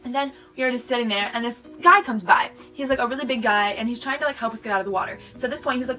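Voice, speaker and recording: A teenage girl rushes through a rambling story for her vlog, words tumbling out with "like" everywhere. Her voice is bright and fairly high. She sounds a little far from the camera mic, with faint music in the background. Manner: rambling, filler-heavy retelling with lots of "like". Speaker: vlogger. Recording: sped-up audio from a distant mic with music behind.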